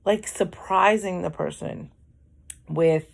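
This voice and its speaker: Slow, gravelly-voiced woman telling it straight. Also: fairly low pitch. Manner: candid, conversational, acts out quoted dialogue. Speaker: host. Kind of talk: casual personal monologue.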